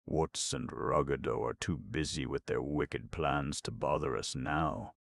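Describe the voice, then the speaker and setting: A man reading a storybook, voicing a stubborn, gruff male royal ox that blusters and refuses to budge. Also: very deep voice, a little slow, no room sound, heavily acted.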